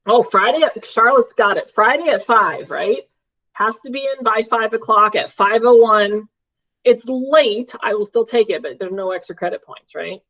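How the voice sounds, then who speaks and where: A woman's voice: fairly high pitch, normal speed, a bit bright. A woman math teacher giving a live online class from home, upbeat and checking in with her students often. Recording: dull lo-fi stream audio.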